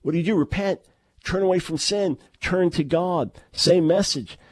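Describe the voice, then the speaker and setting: A man's voice: high-pitched, moderate pace, no room sound. A middle-aged man preaching a sermon, emphatic and full of rhetorical questions, often restarting his words. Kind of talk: sermon-style teaching.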